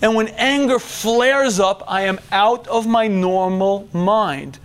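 A middle-aged man giving a religious lecture to men, animated, dropping to a hush and then shouting as he acts out inner voices. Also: high voice, slow, clean tone. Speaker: religious teacher. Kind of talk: lecture to a men's audience.

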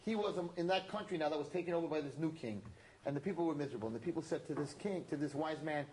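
A man teaching a class, telling a parable in an animated, emphatic way and repeating his points. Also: on the high side, very fast, slight background noise. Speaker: religious teacher. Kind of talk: storytelling lesson to a class. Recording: roomy echo.

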